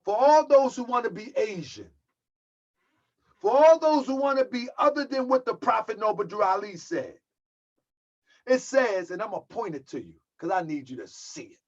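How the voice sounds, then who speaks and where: A man giving emphatic preaching commentary as a religious teacher, slowing down and repeating lines for stress. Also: sits high, expressive. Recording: dull lo-fi audio.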